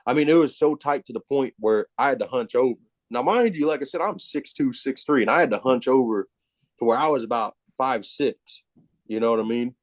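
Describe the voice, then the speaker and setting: A man telling a personal story as a podcast guest, casual, animated and self-mocking, with plenty of profanity. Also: mid-range voice, a little fast, no room sound.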